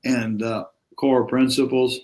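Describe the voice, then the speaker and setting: A man's voice: mid-range voice, little pitch movement, slow pace, darkish tone. A man teaching a live-streamed yoga lesson in a rambling, conversational way, chatting with viewers as he goes.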